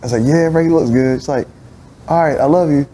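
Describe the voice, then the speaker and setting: A man hosting a church talk show as a pastor, telling family stories in a lively, animated way. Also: a little high, fast talker, a little hiss or hum. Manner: animated storyteller, acting out family dialogue with laughter. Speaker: pastor and host. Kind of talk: casual conversation.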